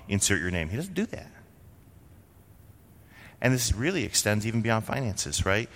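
A lower-pitched man from Vermont preaches to his congregation in an easy, conversational way. He keeps asking rhetorical questions and answering them himself. His voice trails off into the long reverb of a church hall. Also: big pitch swings, moderate pace, long pauses, fairly bright tone. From Vermont, USA. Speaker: pastor. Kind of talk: sermon.

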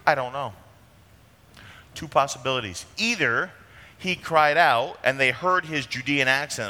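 Brief: male pastor, bright and forceful tone, conversational sermon full of rhetorical questions, long reverb in the church. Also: medium pitch, lively intonation, measured pace. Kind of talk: expository sermon.

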